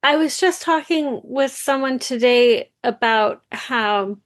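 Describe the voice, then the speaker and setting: A woman's voice: high-pitched, slow pace. A woman hosting a podcast interview, hesitant and searching for her words as she asks questions. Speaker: podcast host. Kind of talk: conversational interview.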